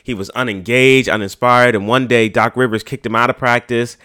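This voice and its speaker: A man's voice: mid-range voice, fairly even intonation, fairly quick, pushed and bright, clean tone. A man, hosting a podcast in a slangy, profane, rambling way. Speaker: podcast host. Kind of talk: casual podcast chat.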